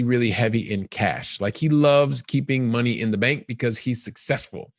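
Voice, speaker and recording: A man of middle pitch hosts a podcast and tells a long example story in an animated, looping way. He often repeats phrases for emphasis. The recording is dry and close, with no room sound. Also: no room sound. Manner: animated, repetitive storytelling with many "and so" links. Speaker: podcast host. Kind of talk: storytelling explanation to guests.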